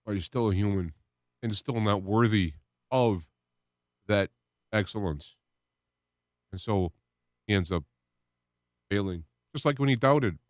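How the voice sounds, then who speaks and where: A man's voice: lowish voice, unhurried, long pauses, dry recording. Earnest man on a dry mic. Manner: earnest, rambling, with restarts and emotional swells. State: close to tears at moments. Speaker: internet radio host. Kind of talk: personal faith talk monologue.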